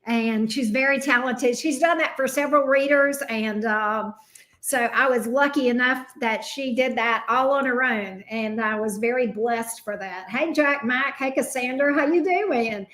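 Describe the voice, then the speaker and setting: A woman's voice: on the high side, unhurried, fairly bright tone. A woman with a Southern US accent, a tarot reader hosting a casual livestream who chats along and greets her viewers by name. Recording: roomy echo.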